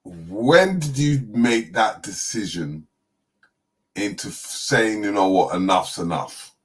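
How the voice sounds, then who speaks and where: A man's voice: on the low side, animated, slow. A man hosting a casual interview, asking questions with hesitant restarts. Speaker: interview host.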